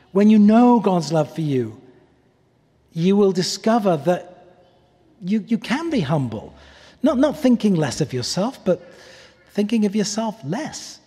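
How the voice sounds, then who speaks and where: A man preaching a sermon, earnest and pleading, often letting his voice drop softly on key words. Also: a little high, breathy edge. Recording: long reverb of a large hall.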